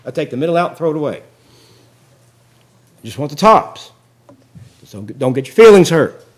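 A man preaching a sermon in a folksy, joking storytelling way that builds into loud excitement. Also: on the high side, normal speed. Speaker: pastor.

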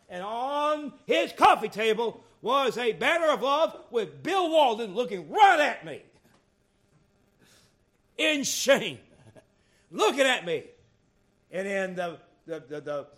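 A man preaching, his voice pitched high and swooping up and down in lively arcs. He goes from quiet confiding asides to loud, emphatic calls to his congregation. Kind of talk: sermon.

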